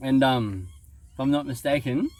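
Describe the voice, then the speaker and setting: A man's voice: mid-range voice, normal speed, darkish tone. Casual Australian male host, easygoing and teasing, mid-range voice, recorded outdoors by a lake. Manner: joking, easygoing, frequent ums. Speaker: interviewer and waterski coach. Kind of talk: casual interview. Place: outdoors by a lake on a sunny day. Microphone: video camera on site.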